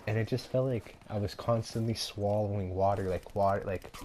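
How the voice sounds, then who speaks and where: A man's voice: lowish voice, fairly even intonation, moderate pace, darkish tone, slight background noise. Laid-back young man rambling a story. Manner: rambling, filler-heavy, laughs often. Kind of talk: casual storytelling vlog.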